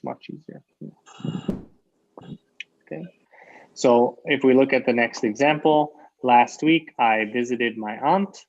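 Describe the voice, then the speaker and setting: With a mid-range voice, a man runs an online English grammar lesson, explaining by example. He keeps repeating key phrases and asking "right?", and the recording quality is lo-fi and dull.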